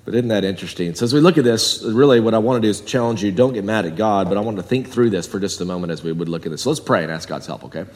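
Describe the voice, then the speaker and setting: A man preaching a sermon in a church, talking conversationally and swinging from loud and high to low and quiet. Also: rapid-fire, hardly any pauses, big-room sound. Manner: conversational with wide swings in pitch and volume. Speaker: pastor. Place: church sanctuary.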